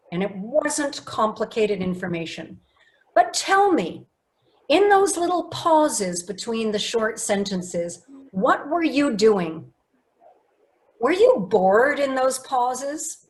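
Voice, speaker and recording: A woman leading an online public speaking workshop over a video call, lively and coaxing, reading participants' answers aloud. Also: a little high. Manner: lively, coaxing and emphatic, reads chat replies aloud.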